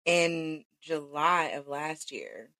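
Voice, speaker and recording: A woman's voice: low-pitched, extremely slow, bright, forceful tone, dry recording. A woman co-hosting a podcast, talking in a supportive, conversational way in a casual chat, with frequent "like". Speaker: podcast co-host.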